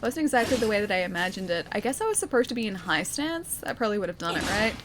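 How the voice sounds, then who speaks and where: A woman's voice: medium pitch, very animated, fast, noisy background. A woman streaming a game live, chatting playfully with her viewers and joking as she plays. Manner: playful, chatty, jokey asides.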